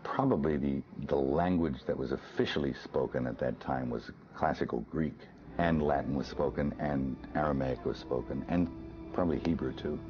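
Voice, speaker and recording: Brief: male film director, extremely deep voice, thoughtful interview, dull muffled audio. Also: normal speed, faint music behind. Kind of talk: documentary interview.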